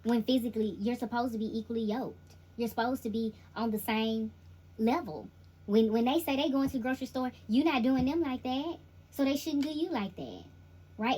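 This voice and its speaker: A woman with a somewhat high, breathy voice gives a tarot reading to her viewers. She talks straight at the listener in loose, slangy phrases. She circles back over her points again and again for emphasis. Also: a little fast, mellow, low-quality recording. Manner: emphatic and repetitive, addresses the listener directly; informal slangy delivery. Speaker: intuitive tarot reader.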